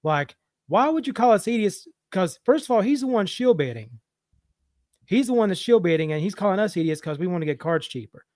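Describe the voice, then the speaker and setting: A man's voice: sits high, lively intonation, a little fast, a little mellow, dry recording, clean studio sound. A man calling in to a show and ranting heatedly, swearing freely. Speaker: caller. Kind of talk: casual call-in rant.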